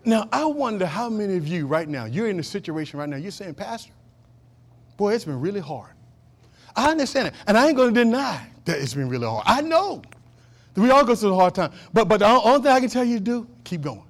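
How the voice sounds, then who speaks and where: A male pastor with a notably high voice preaches to his congregation in a church. He repeats short calls to action and swings between loud, driving emphasis and quiet, low asides. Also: sing-song, quick pace. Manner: preaching with rising and falling intensity, repeating short exhortations. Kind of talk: sermon.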